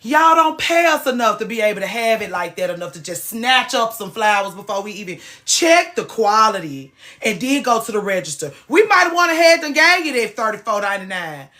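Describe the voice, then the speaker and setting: A woman's voice: a little high, sing-song, a little fast, sharp tone. A woman hosting a casual livestream, ranting with plenty of swearing and greeting viewers by name. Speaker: livestream host.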